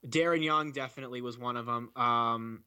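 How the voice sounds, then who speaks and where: A man co-hosting a casual wrestling podcast, joking and stumbling through quick asides. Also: mid-range voice, sharp tone, clean tone. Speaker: podcast co-host.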